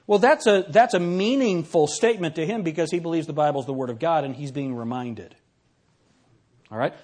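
A man giving a classroom lecture, reading examples aloud and putting questions to his audience in an animated, conversational way. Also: fairly high pitch, breathy edge.

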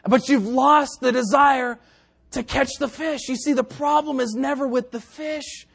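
A man with a notably high voice preaching a sermon. He drops to quiet, joking asides and then climbs back to loud, emphatic exhortation. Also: fairly even intonation, unhurried, vocal fry, slightly rough. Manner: dry jokes to the congregation.

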